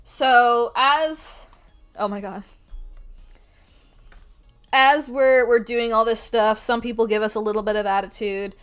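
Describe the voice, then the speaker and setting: A woman streamer telling a story in a casual, animated rant, swearing freely and able to project her voice loudly. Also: fairly high pitch, measured pace, long pauses, clear, resonant tone, faint music behind. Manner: can project a loud voice. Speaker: art streamer.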